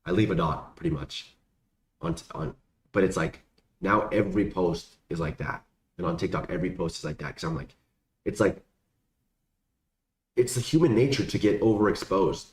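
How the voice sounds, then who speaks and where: In a low, darkish voice at a moderate pace, a young man answers viewer questions, pausing often. The casual Q&A is rambling and slangy with lots of fillers, recorded in an echoey room with faint background noise.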